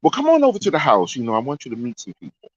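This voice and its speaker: A man voicing a confident, wealthy young woman who takes her date out, in quick quoted lines. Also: medium pitch, wildly swooping pitch. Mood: inviting. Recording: dry, dull lo-fi sound.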